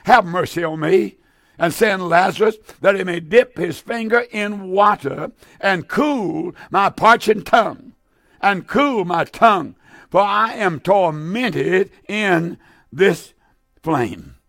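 A man's voice: high-pitched, unhurried, fairly bright tone, dry recording, studio quality. A man preaching, voicing a tormented rich man who begs for mercy from hell. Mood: pleading. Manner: pleading, anguished.

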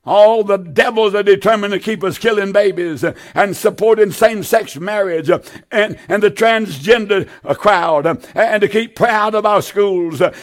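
High-voiced fervent male preacher. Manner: fervent, pleading, repetitive exhortation. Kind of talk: televised sermon with call-in appeal.

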